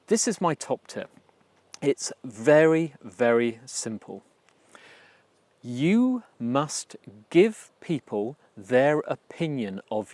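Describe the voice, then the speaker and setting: A man's voice: a little high, no echo. English male podcast host, casual and talkative, self-mocking, dry studio-close read. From England. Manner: chatty, self-deprecating, repeats words for emphasis. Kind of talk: casual solo podcast monologue. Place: home recording in Canada.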